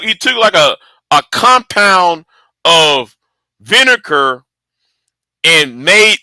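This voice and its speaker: A man giving casual rambling commentary, excitable and cursing often, stumbling over and repeating his words. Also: on the high side, slow, pauses often, no room sound. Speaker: online commentator.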